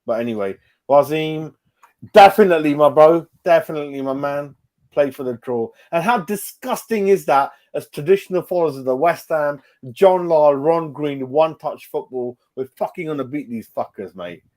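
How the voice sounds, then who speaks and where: A brash man hosts a post-match fan chat, swearing freely and talking to everyone as a mate. His voice sits a little on the high side for a man. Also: moderate pace, darkish tone.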